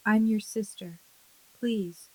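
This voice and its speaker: A woman's voice: mid-range voice, steady tone, slow, dark tone, rough recording. A woman voicing a broke, desperate older sister who pleads with a cracking voice. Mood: pleading.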